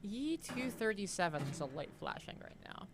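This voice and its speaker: A woman's voice: medium pitch, sing-song, normal speed, heavy background noise. A young woman streaming a horror game, rambling and joking casually with her chat between moments of play. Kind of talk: casual gameplay commentary.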